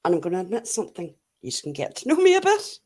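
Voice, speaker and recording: A woman's voice: on the low side, huge pitch swings, fast talker, a little mellow. A middle-aged Irish woman chatting casually as she answers live comments, blunt and laughing often. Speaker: YouTube livestream host.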